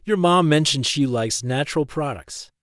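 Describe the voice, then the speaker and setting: A man voicing a gentle, careful young man in a storybook reading, in his own plain voice. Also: a little high, moderate pace, no echo, studio quality, natural voice.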